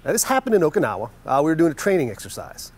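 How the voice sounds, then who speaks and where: A man's voice: fairly high pitch, wildly swooping pitch, racing. A middle-aged man telling a story in a casual, wry way, with some swearing and laughs.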